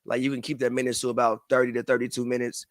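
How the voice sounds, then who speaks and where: Male podcast co-host, relaxed hedging chat, dry sound. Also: mid-range voice, very fast, no room sound. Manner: laid-back, hedging, repeats himself, swears. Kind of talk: casual basketball talk.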